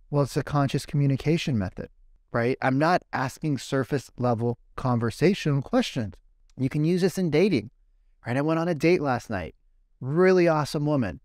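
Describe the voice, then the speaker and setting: Man coaching with rapid rhetorical questions. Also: medium pitch, darkish tone, no echo, clean studio sound. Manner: fires rhetorical questions and acts out dialogue in quoted voices. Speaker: podcast guest, sales communication coach. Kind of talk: coaching talk with anecdotes.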